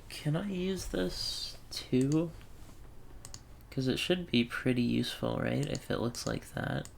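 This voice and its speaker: A man's voice: mid-range voice, slow pace, creaky, slight background noise. A man thinking aloud in wry self-talk while commentating a puzzle game. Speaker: let's play gamer.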